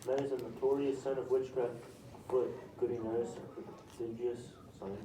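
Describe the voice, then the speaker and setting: A young man reading the part of a stern, self-righteous village man in a classroom play reading, in a flat read-aloud way. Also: medium pitch, moderate pace, natural voice. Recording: echoey room from far off, noisy.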